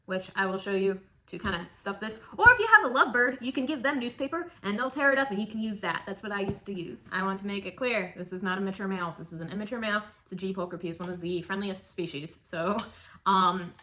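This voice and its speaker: Bright, chatty woman giving a how-to. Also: mid-range voice, a little hiss or hum. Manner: chatty and emphatic, with cooing asides. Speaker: tarantula keeper demonstrating shipping. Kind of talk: casual how-to tutorial.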